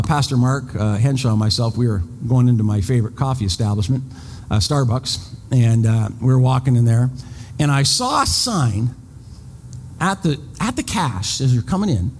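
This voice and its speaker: A man's voice: mid-range voice, darkish tone, a little hiss or hum. A man preaching a sermon, telling a story with rhetorical questions and acting out his own outrage. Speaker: pastor. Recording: long hall reverb.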